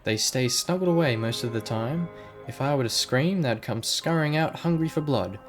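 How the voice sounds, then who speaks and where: A man's voice: medium pitch, lively intonation, moderate pace, soft background music, lightly acted. A man voicing a prim late-middle-aged woman librarian who speaks sweetly but sharply and calls people dearie, while reading game dialogue aloud. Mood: sugary.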